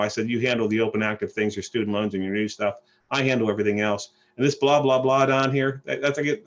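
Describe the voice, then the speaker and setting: A man giving an animated sales presentation on a group call, often repeating and restarting phrases. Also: medium pitch, dull audio. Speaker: credit repair presenter. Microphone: phone or call line.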